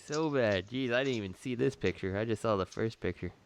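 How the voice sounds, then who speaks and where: A man's voice: lowish voice, a little fast, creaky, clear, resonant tone. A man co-hosting a casual podcast chat, explaining details step by step. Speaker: podcast co-host.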